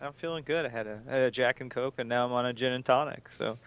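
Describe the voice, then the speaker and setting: A man chatting casually as a podcast co-host, relaxed and chatty. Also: mid-range voice, fast, smooth, muffled recording. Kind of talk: casual chat.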